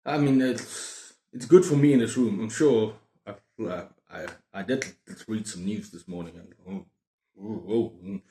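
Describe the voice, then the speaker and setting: A man's voice: lowish voice, a little slow, mellow. A man talks casually to camera as a book vlogger, rambling through jokey asides and tangents. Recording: roomy echoing room.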